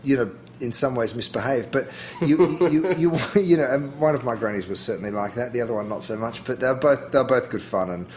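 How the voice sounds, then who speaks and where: A middle-aged Australian chef, being interviewed as a guest, speaks briskly with hardly any pauses in a medium-pitched, darkish voice. He talks casually and thinks aloud, frequently restarting, and there's a slight hiss or hum in the recording.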